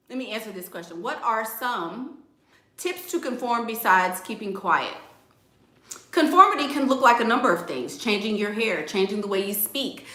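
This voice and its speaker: A woman dating coach talks on a livestream, blunt and playful, with a sassy edge. Her voice sits fairly high and sounds bright and forceful. The sound carries a roomy echo. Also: very animated, moderate pace. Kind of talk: livestream advice talk, reading viewer comments.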